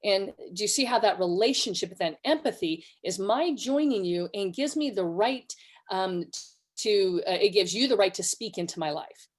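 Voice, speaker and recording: A woman's voice: mid-range voice, animated, normal speed. A woman from California giving a conversational online webinar, telling stories and acting out quoted voices. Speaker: webinar presenter.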